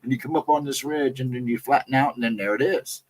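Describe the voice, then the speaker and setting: A man casually telling a personal encounter story, rambling and jumping sharply higher in pitch when he quotes himself. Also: steady tone, fast, low-quality recording. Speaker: guest storyteller.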